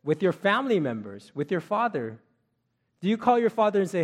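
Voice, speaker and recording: A man's voice: high voice, very animated, fairly quick. A middle-aged man preaching a sermon, telling a family story and asking the listeners questions in an earnest, conversational way. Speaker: pastor.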